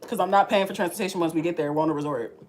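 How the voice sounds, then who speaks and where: A woman's voice: fairly low pitch, rapid-fire, a little mellow, faint music behind. A young woman in her twenties telling a story to her viewers in casual, slangy chat, laughing often. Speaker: vlogger.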